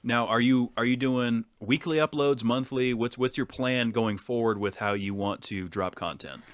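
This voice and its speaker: A man's voice: medium pitch, moderate pace, dry recording, clean studio sound. A man co-hosting a podcast, chatting casually with jokey, salesman-style banter. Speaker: podcast co-host. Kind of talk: casual chat.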